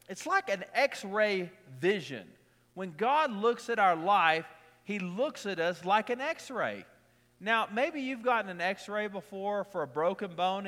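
A middle-aged pastor with a high, slightly bright voice preaches conversationally, hammering points home with short repeated lines and easily drifting into casual personal anecdotes. A long reverb tail suggests a large sanctuary.

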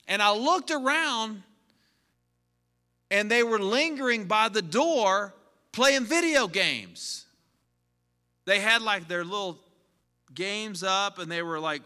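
A man's voice: high voice, pushed and bright, smooth. A middle-aged man preaching a sermon in a conversational, storytelling way. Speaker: pastor. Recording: hall reverb.

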